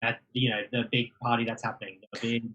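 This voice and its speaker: A man's voice: medium pitch, little pitch movement, fast, pushed and bright, muffled recording. A man speaking as a player in a tabletop game, hesitant with many fillers. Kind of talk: casual tabletop play.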